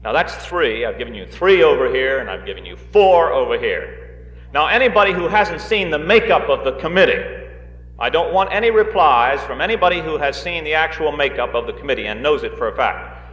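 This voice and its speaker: A man's voice: a little high, expressive, a little fast, a bit bright, faint music behind. A man speaking to a rally audience in a large hall, folksy and fond of joking asides, with frequent hesitant fillers. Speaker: guest speaker at a political rally. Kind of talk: live political speech to an audience. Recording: roomy dull 1960s reel recording of a hall.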